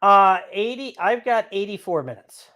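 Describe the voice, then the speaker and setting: Laughing man with a higher voice. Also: expressive, normal speed, dull audio. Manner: laughs often, joking banter. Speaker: podcast co-host. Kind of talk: casual live watch-along chat.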